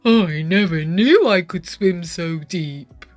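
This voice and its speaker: A woman voicing an eager, good-natured young male octopus in a children's picture-book reading, with loud, bright exclamations. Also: lowish voice, slow, faint music behind, pitched below the performer's own voice. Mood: delighted.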